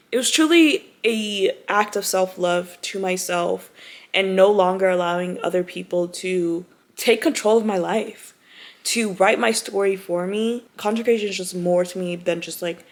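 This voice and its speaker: A young woman vlogging from home, talking heartfelt and close to tears, with lots of "like" and "you know", then chatty, calling viewers "y'all" and "girl". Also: medium pitch. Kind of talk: emotional personal vlog talk to camera.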